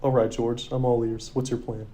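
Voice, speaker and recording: A man's voice: little pitch movement, moderate pace, dark tone, close to an everyday voice. A man reading the lines of a classy young woman in his normal voice, with no attempt at a female voice. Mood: uncertain. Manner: read in his own voice, no falsetto.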